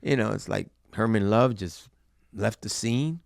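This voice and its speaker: A man's voice: lowish voice, a little slow, gravelly, dry recording, studio quality. A middle-aged man, a boxing coach, telling stories in a casual interview with lots of fillers. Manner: animated storyteller with many fillers.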